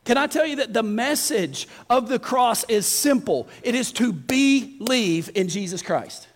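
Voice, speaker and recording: A man preaching a folksy, animated sermon to his congregation. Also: extremely high pitch, measured pace. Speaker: pastor. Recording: long reverb of a church hall.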